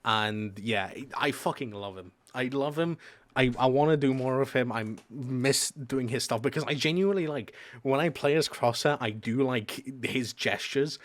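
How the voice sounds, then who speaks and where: A man's voice: mid-range voice, moderate pace. A man streamer in casual chat, rambling with lots of fillers and casual swearing.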